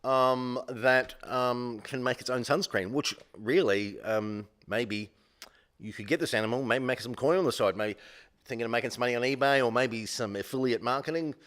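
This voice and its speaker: A man's voice: medium pitch, a bit bright. A man hosting a live-streamed quiz, rambling and joking at his own expense, with many fillers. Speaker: quiz show host.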